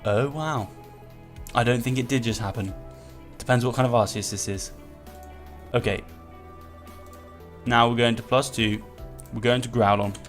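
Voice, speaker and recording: A young man giving live gameplay commentary, talking to himself while he plays and turning to loud excited shouting at a comeback win. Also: medium pitch, unhurried, long pauses, faint music behind. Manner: talks to himself, swings from muttering to excited shouting. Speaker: gaming video creator.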